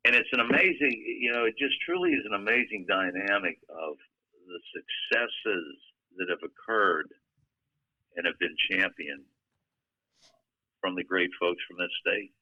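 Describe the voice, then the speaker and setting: A man's voice: deep voice, expressive, measured pace, long pauses, no echo, dull audio. An older man, a retired TV weatherman, answering as a podcast guest in an earnest, heartfelt way. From Pennsylvania. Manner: warm, earnest, speaks with conviction about his state. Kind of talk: conversational interview.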